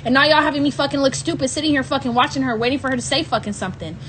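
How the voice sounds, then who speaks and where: A young-sounding woman with a high, bright voice rants to her livestream viewers. She is irritated, swears heavily and repeats herself as she vents. The sound is a casual home stream. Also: rapid-fire, a little hiss or hum, rough recording. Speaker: livestream host. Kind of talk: angry rant to live viewers.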